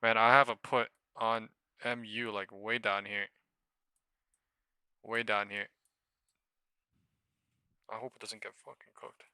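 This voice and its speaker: A man's voice: lowish voice, level tone, slow, long pauses, sharp tone, smooth, no echo. A man live-streaming his stock trades, talking casually with heavy swearing and exasperated rambling.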